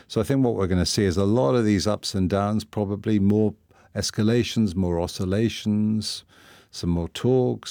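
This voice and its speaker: A man's voice: low voice, a little mellow, no room sound, clean studio sound. A man, a news editor, giving radio news analysis in a frank, conversational way.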